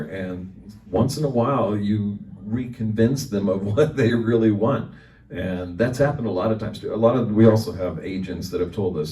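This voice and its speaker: Man voice actor, low warm tone, encouraging panelist, roomy distant sound. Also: moderate pace. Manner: earnest, encouraging advice giver. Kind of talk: convention panel Q&A. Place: convention panel room. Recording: echoey room, voice far from mic.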